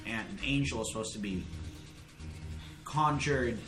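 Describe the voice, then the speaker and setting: A man narrating as game master of a tabletop role-playing game in an easygoing way, trailing off mid-sentence and laughing often. The room is roomy, with soft music playing behind him. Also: mid-range voice, measured pace.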